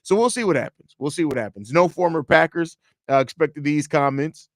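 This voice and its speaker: A man's voice: fairly high pitch, brisk. A man hosting a casual sports talk livestream, speaking loosely and with strong opinions, and reading viewer comments aloud. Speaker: podcast host.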